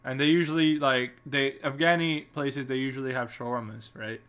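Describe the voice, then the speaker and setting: A man's voice: medium pitch, fairly even intonation, fairly quick, fairly bright tone, smooth. A man from Canada chatting on a podcast, rambling with restarts and fillers and laughing often. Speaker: podcast co-host. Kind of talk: casual chat.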